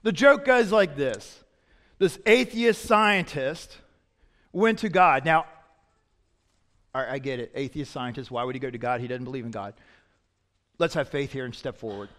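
A man preaching a sermon as pastor, swinging from loud emphatic lines to quiet, low asides. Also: animated, normal speed, pauses often, in a large hall.

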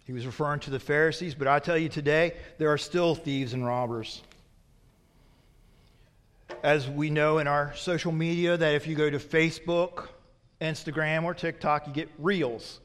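A male pastor delivers a sermon in a slightly higher voice, pressing his listeners with question after question. He turns forceful and emphatic when he warns them. His words ring out with a long reverb that fills a large sanctuary. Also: steady tone, normal speed. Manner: asks the congregation repeated rhetorical questions.

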